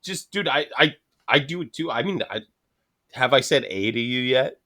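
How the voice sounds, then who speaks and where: A man's voice: mid-range voice, normal speed. A man with a Canadian accent chatting casually on a podcast, swearing freely and laughing often as he tells stories. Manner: profane, laughing often, animated storytelling. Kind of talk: casual chat.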